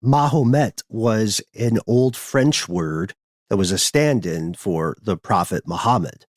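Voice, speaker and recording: A man's voice: on the low side, animated, slow pace, no room sound, studio quality. A man hosting a podcast, explaining history in a conversational, thinking-aloud way. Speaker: podcast host.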